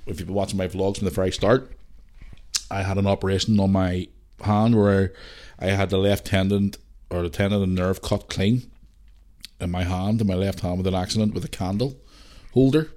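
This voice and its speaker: Northern irish guy in his 30s on his podcast, lowish voice, swearing, rambling stories. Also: a little mellow. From Northern Ireland. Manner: swears a lot, rambling storytelling. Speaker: podcast host. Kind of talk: casual chat.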